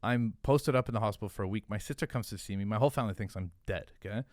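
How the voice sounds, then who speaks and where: Lowish male voice, cursing storyteller. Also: racing, dry recording, clean studio sound. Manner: profane, animated, lots of fillers. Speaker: podcast guest, hot sauce founder. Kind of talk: casual storytelling.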